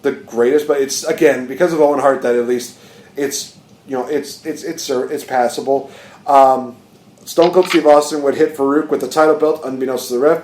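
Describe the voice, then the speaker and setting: A man's voice: medium pitch, darkish tone, reverberant, a little hiss or hum. A man hosting a podcast, telling stories casually and animatedly, laughing often. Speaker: podcast host. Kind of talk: casual chat.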